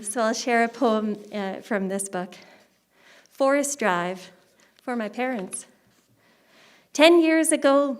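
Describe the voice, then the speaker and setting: A woman poet giving a poetry reading at a book launch, with quick, chatty asides between poems. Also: a little high. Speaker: poet reading her work.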